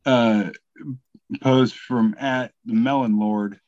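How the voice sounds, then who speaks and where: A man co-hosting a podcast who jokes in a relaxed way and pauses on fillers as he reads posts aloud. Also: mid-range voice, dry recording. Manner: relaxed joking, halting with fillers. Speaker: podcast co-host. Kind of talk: casual chat. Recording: dull, dry sound.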